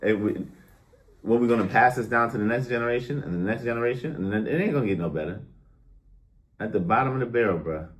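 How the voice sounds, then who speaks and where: A man's voice: medium pitch, fast talker. A young man ranting bluntly to his viewers in a casual, exasperated way, full of street slang. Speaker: vlogger. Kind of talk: casual rant to camera.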